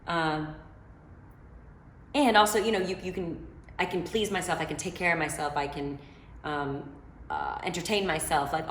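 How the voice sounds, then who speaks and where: A woman's voice: lowish voice, reverberant, slight background noise. A woman singer chatting from home as she answers fan questions, loose and slangy with plenty of filler. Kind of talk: casual chat. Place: her home.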